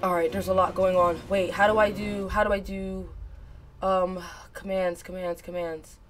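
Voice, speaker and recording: A woman streaming a video game live, reacting excitedly and repeating phrases rapidly as she plays. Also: on the low side, a little hiss or hum. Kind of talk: live gameplay commentary. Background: game music.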